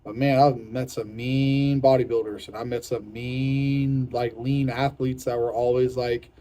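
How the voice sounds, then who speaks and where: A young man sticking to a tough diet talks frankly to the camera in a laid-back vlog, irritable from hunger and saying things more than once. His mellow mid-range voice barely shifts in pitch and keeps a measured pace. The recording sounds rough.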